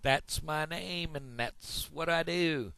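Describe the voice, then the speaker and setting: A man doing a high eager big-mouth frog. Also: vocal fry, clean tone, dry recording, heavily acted. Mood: cheery. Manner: loud, high and eager, drawn-out greetings. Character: chirpy boastful male big-mouth frog.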